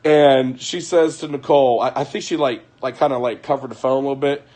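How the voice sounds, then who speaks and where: A man's voice: mid-range voice, fairly even intonation, brisk, darkish tone. A man ranting casually on a livestream at home at night, profane and heated, repeating himself and breaking into laughter.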